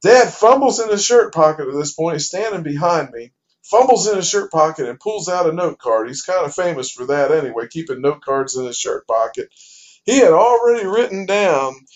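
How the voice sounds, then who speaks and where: A man telling a casual spoken anecdote in a lively way, playing out each exchange as he goes. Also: fairly high pitch, normal speed. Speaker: storyteller. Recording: dull lo-fi recording.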